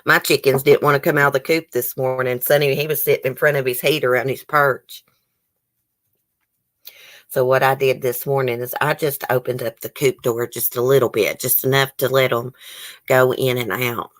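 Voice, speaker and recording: Low-voiced woman chatting on stream. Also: steady tone, normal speed. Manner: chatty, reads viewer comments aloud. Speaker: YouTube host. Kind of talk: casual live-stream chat.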